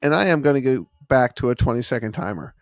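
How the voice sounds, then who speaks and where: A man's voice: medium pitch, animated, fast, dry recording. A man hosting a live trivia stream from his studio, reading out viewers' chat answers with lots of ums. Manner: reads chat names aloud, many fillers. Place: home studio. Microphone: studio microphone.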